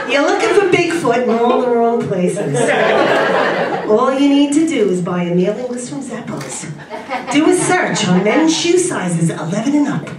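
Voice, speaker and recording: A middle-aged woman doing a stand-up comedy set on a convention stage, with punchy, drawn-out delivery and laughs. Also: on the high side, heavy background noise. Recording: echoey room from far off, loud ambience. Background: audience laughter.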